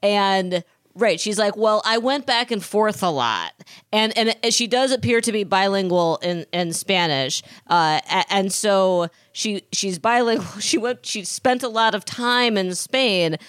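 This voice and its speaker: A woman co-hosts a casual gossip podcast, wandering through long, digressive stories. Her pitch sits in an ordinary middle range. The recording is dry and close. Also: measured pace, fairly bright tone, smooth, no room sound. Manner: rambling, digressive storytelling. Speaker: podcast co-host.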